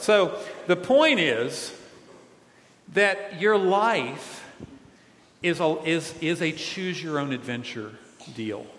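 A male pastor giving a playful, animated children's sermon with comic asides, in a church. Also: a little high. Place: church sanctuary. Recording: echoey hall.

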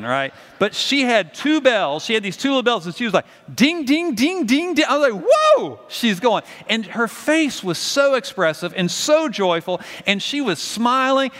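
A man preaching a sermon, telling a story with lively acted-out voices. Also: high voice, big-room sound. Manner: animated storytelling, acts out voices. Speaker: pastor.

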